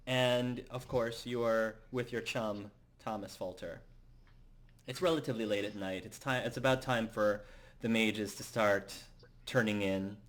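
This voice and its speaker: Slow, halting male game master. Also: lowish voice. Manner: halting narration full of fillers and restarts. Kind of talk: narrating a tabletop game.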